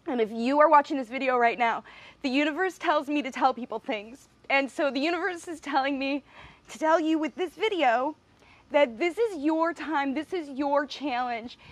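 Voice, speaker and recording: A middle-aged speech pathologist with a high voice stands outside by a window, addressing viewers of her live video. She speaks earnestly and emotionally, laughing now and then, with no echo in the sound.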